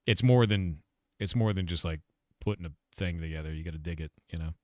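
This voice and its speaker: A man's voice: deep voice, a little fast, darkish tone, no room sound, clean studio sound. A man casually chatting with his livestream audience, rambling and blunt, swearing now and then. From United States. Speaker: streamer and game developer.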